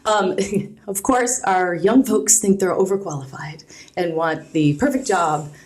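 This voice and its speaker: Frank low-voiced woman telling stories. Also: a little slow. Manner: frank, animated storytelling with acted quotes. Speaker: guest, alumni relations director. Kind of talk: casual conversational interview.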